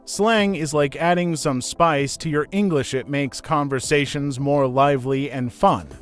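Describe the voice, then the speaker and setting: A man with a somewhat raised voice co-hosts a scripted English lesson. He brightly introduces each slang phrase before handing it over to be explained. Faint music sits in the background. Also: fairly high pitch, unhurried. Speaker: co-host and English teacher.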